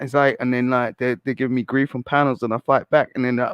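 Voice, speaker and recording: A man calling into a live stream, telling his story in a casual, animated way, swearing and laughing as he goes. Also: medium pitch, quick pace, hardly any pauses, no room sound, muffled recording. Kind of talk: casual chat.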